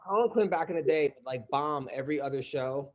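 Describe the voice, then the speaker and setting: A man's voice: on the high side, fairly quick, a little mellow, lo-fi sound. A man, a comedian, telling rambling stories in casual podcast chat, full of fillers and restarts. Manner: rambling storytelling with lots of fillers. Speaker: comedian guest.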